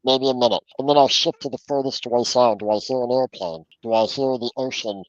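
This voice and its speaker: A man's voice: medium pitch, brisk, muffled recording. A man giving a podcast interview as a coach, talking through mindfulness exercises in an earnest, instructive way and often repeating words as he restarts. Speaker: transformational coach, guest. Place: home office.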